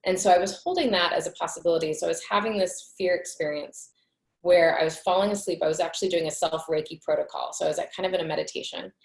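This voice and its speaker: Woman host, lowish gravelly voice, earnest storyteller, roomy echo. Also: fast talker. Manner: earnest, animated retelling with many "like" fillers. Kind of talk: reflective personal storytelling in conversation.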